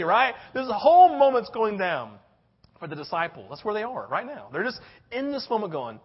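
An older man delivers a sermon in a high, animated voice that leaps up and down as he acts out little scenes. He peppers his talk with "right?" and playful asides. The recording sounds a little dull and lo-fi. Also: a little fast, breathy edge. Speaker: pastor.

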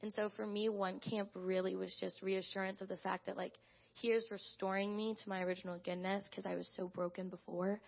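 Chatty young woman, gravelly fry. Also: mid-range voice, brisk, dull audio. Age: young adult. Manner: animated, chatty, lots of "like". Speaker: church intern. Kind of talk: casual spoken testimony to a congregation.

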